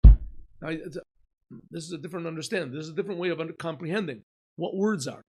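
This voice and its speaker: A man, a rabbi, giving an informal Torah lesson, asking and answering his own questions and often clearing his throat. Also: fairly high pitch, fast talker, warm tone. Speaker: rabbi teaching a class.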